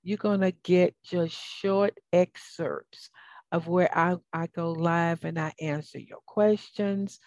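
A middle-aged woman with a Southern US drawl hosts a radio talk show in a folksy, encouraging way. Her voice sits low and mellow, and she takes her time over every phrase. The sound is dry and close. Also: fairly even intonation, slow, no room sound. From Atlanta, US. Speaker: host. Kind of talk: upbeat talk radio hosting.

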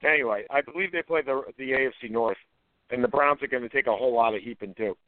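A man's voice: mid-range voice, fast talker, no room sound. A man co-hosting a sports radio talk show, confidently rattling off predictions and correcting himself as he goes. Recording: dry, phone-like radio audio.

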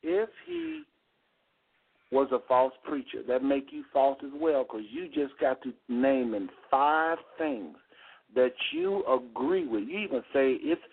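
A man's voice: mid-range voice, big pitch swings, unhurried, husky. Insistent man on a tinny radio line. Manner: insistent, repeats himself to interrupt. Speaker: radio show host. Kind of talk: heated call-in radio debate.

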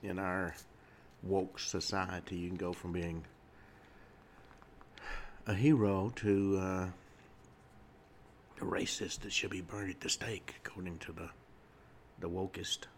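Deep gravelly radio host. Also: male voice, flat delivery, slow, pauses often, a little hiss or hum. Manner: rambling, with frequent uh fillers and restarts. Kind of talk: solo radio talk monologue. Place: radio studio.

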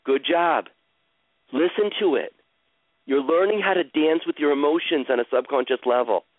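A man guides a caller through a live coaching session, speaking slowly and soothingly and repeating his phrases. His voice comes through a thin, tinny, phone-like line. The sound is dry and close. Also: a little high, no room sound. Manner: slow, soothing, repetitive guidance.

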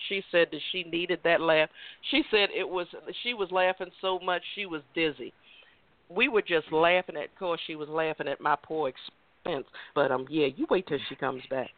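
A woman hosting a casual talk show, telling stories in an animated way and laughing often. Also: lowish voice, unhurried, no room sound. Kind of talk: casual chat. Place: Maryland. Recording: tinny dry phone line.

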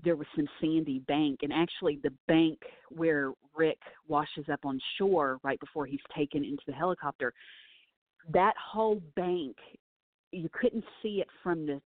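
A woman's voice: low-pitched, moderate pace, dry recording. A woman, an animal handler, telling stories eagerly and animatedly in a casual interview. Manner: enthusiastic, animated storyteller. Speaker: film set snake wrangler and wildlife handler. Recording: tinny dry phone-line audio.

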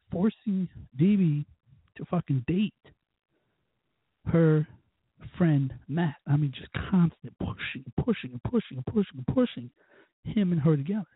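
A man's voice: on the high side, animated, normal speed, husky, dry recording. Podcast host, male, profane fired-up ranter; dry, phone-quality audio. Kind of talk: casual ranting monologue.

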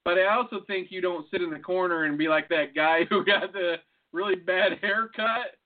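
Podcast guy swearing and laughing a lot, kinda high voice, tinny phone-line sound. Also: normal speed. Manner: loose, swearing, laughing often. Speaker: podcast co-host. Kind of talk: casual profane chat.

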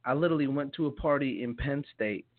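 A man's voice: mid-range voice, fast talker. Man from New Jersey, tinny sound. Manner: rambling, laughing storyteller with many restarts. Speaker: songwriter guest. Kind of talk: casual chat.

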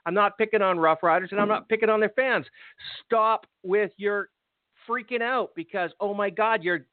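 A man's voice: high-pitched, no echo. A man hosting a football podcast, ranting angrily and sarcastically with lots of swearing. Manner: angry, profane, sarcastic ranting. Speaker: podcast host. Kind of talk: ranting sports talk. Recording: tinny phone-like audio.

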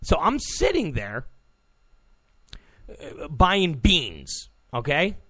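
A man's voice: fairly high pitch, huge pitch swings, drawn-out words, bright, forceful tone, dry recording. A man hosting a talk show, delivering a rambling, blunt political monologue full of repeats and restarts. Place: Los Angeles studio.

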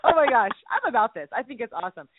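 A high-voiced woman chats and jokes on a radio show, her voice swinging all over. The sound is thin and phone-like, dry with no room around it. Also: racing, breathy edge, no room sound. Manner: animated, laughing, playful mimicry. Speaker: co-host. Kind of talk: casual radio chat.

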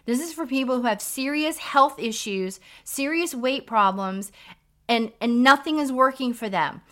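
A woman's voice: high-pitched, measured pace, fairly bright tone. A middle-aged woman, a nurse practitioner co-hosting a podcast, giving frank, emphatic health advice in a casual lecturing way.

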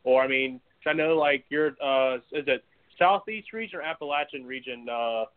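A young man co-hosting a casual radio chat, laughing and bantering quickly. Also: medium pitch. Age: young adult. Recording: tinny phone-like audio.

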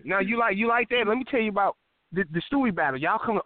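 High-pitched guy on a phone-quality line, storytelling loose and animated, doing little voices for people he quotes. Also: rapid-fire, a little hiss or hum. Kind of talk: casual podcast chat. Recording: tinny phone-line sound.

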